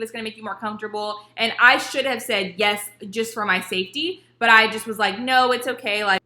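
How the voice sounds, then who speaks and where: A young woman vlogger telling a personal story in casual, animated storytime style, acting out what others said. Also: on the high side. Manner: animated, acts out quotes of others. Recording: echoey room.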